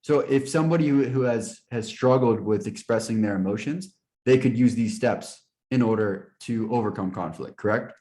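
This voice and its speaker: A man's voice: mid-range voice, normal speed, mellow. A man hosting an interview, who sums up what his guest says and turns it back into questions. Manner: restates ideas as questions, brief affirmations. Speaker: interview host. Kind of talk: conversational interview.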